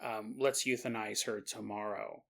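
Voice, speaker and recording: A man hosting a podcast who narrates a story in an animated way and acts out its characters. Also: fairly low pitch, normal speed, vocal fry. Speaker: podcast host.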